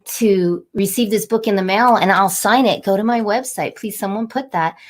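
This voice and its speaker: A middle-aged woman talking warmly and a little rambling as she encourages viewers during a live motivational stream. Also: medium pitch, moderate pace. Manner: warm, encouraging, rambling and conversational. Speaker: angel card reader and inspirational host.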